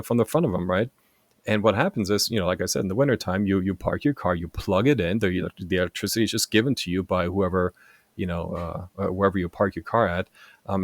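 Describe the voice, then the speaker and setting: A man in his forties from Germany, a native German speaker, chatting as a podcast guest in a lively storytelling way and often tagging his sentences with "right?". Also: deep voice, no echo. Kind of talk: casual storytelling chat.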